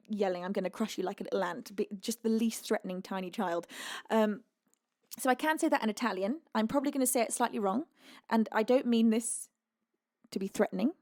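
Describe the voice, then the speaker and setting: A woman's voice: mid-range voice, a little mellow. A young woman from the UK, a singer-songwriter hosting a live stream, chatting casually, giggling often and reading out viewers' messages. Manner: chatty and giggly, reads chat aloud.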